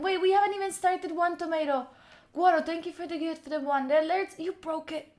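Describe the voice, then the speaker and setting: A young woman, chatting excitedly with viewers on a live stream and thanking them by name. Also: sits high, brisk. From Italy. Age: young adult. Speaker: study streamer. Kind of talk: casual live-stream chat.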